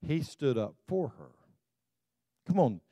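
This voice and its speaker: A male pastor preaching a sermon in a conversational way, full of "you know" asides and quick laughs. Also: mid-range voice, very animated, dark tone, no echo.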